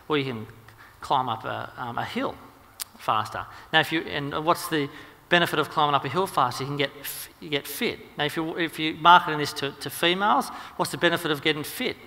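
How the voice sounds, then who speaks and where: Aussie guy talking fast at a seminar, bright edgy voice, lots of hall reverb. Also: fairly high pitch. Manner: rapid, energetic, lots of ums and restarts. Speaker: marketing seminar speaker. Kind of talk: seminar presentation.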